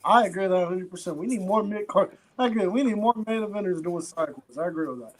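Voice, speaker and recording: A man's voice: high-pitched, fast talker. A man co-hosting a wrestling podcast in casual chat, eagerly agreeing and repeating his points. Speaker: podcast co-host.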